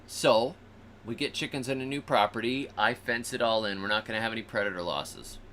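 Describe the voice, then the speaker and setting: A man's voice: lowish voice, a little fast, a little hiss or hum. A man hosting a show, telling stories casually and animatedly, acting out the animals and people in them. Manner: animated, acts out animals and people in funny voices. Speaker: host. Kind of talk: casual storytelling.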